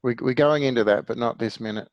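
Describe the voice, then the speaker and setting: A man's voice: mid-range voice, quick pace, no room sound, lo-fi sound. Patient male music teacher, middle-aged, dry close mic. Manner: patient, explanatory, asks the class questions. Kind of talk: online music theory lesson.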